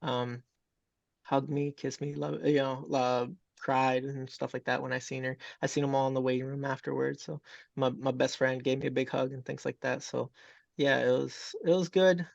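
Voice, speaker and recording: A man's voice: mid-range voice, flat delivery, normal speed, vocal fry, no room sound. A young man, a fighter, chatting casually in an interview over a video call, rambling with lots of fillers and retold dialogue. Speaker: MMA fighter guest. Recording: dull, dry video call audio.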